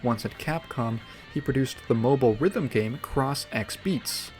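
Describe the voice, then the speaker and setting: A man's voice: medium pitch, measured pace, soft background music. A man giving scripted video narration with dry, sarcastic commentary.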